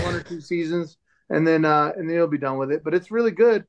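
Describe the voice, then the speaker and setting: A man's voice: fairly high pitch, fast talker. A man in his forties telling a story in a casual chat, acting out the voices of the people he quotes. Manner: animated, acts out quoted dialogue. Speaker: show host telling a story as podcast guest. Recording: dull lo-fi sound.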